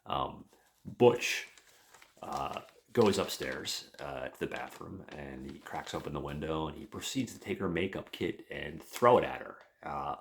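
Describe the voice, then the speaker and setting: A man's voice: extremely low pitch, unhurried, creaky, a little hiss or hum. A man, a podcast host, retelling a comic book plot in a rambling, casual way with lots of fillers and swearing. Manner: rambling, profane, many fillers.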